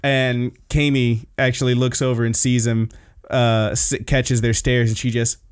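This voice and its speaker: A man's voice: medium pitch, level tone, unhurried, clear, resonant tone, no room sound, studio quality. A man hosting a podcast, recapping episodes in a laid-back, casual way and swearing freely. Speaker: podcast host.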